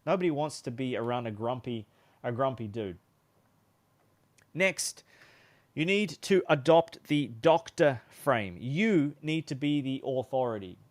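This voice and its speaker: A man's voice: medium pitch, animated, a little slow. A man coaching on sales in a conversational, instructional way, demonstrating different tones of voice. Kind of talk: casual instructional talk.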